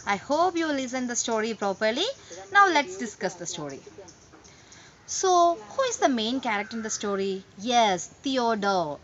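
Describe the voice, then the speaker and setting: A woman's voice: a little high, sing-song, moderate pace, highs cut off. A woman English teacher leading a lesson for young pupils, asking questions and answering them herself in simple, slightly broken English.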